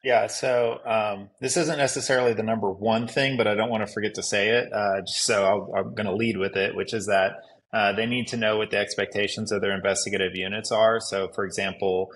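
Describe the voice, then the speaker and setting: Gravelly low-voiced male detective. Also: fairly even intonation, fairly quick, fairly bright tone, low-quality recording. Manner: instructive, lays out numbered advice. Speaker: police detective, guest. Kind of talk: podcast conversation.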